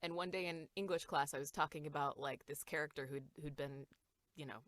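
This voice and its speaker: A woman voice actor in a casual podcast chat, talking fast and laughing often as she acts out quotes. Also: low-pitched, a bit bright, no room sound, clean studio sound. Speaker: voice actor guest.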